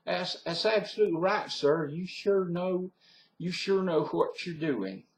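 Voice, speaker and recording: Man acting Southern local, Tidewater Virginia drawl, slow folksy talk, echoey room. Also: high voice, expressive, pitched above the performer's own voice. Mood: friendly. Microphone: webcam. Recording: roomy webcam recording.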